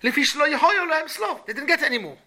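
A man's voice: extremely high pitch, sing-song, rapid-fire, pushed and bright. A man teaching a Talmud class to boys, asking questions and repeating his points. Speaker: Torah teacher.

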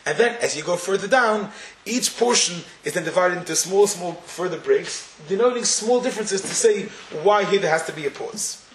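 A man's voice: high-pitched, expressive, normal speed. A man giving a Torah class in a synagogue, explaining step by step and chanting verses aloud. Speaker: Torah teacher. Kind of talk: lecture-style shiur. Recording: echoey room with faint noise.

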